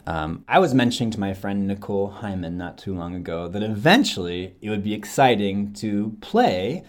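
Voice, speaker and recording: A young adult man from Wisconsin, an actor talking about his career in an animated, relaxed interview. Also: lowish voice, normal speed. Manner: animated, switches into playful accents. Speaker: actor, podcast guest.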